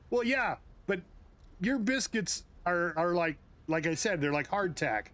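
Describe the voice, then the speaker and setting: A man's voice: sits high, lively intonation, a little slow, a bit bright. A man from the United States, a game streamer casually chatting and reacting to his viewers' comments with chuckles and asides. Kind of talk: casual chat with live viewers.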